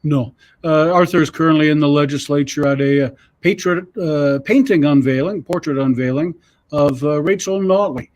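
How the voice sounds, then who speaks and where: Halting Canadian male news editor. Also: on the high side, a little mellow. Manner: halting, many filler uhs. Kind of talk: casual news update.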